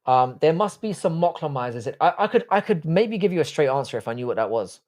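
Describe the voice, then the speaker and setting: A man's voice: on the high side, sing-song, fast, darkish tone. A man in his forties hosting a live stream, answering viewer chat in casual, blunt, profane, joking banter. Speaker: livestream host.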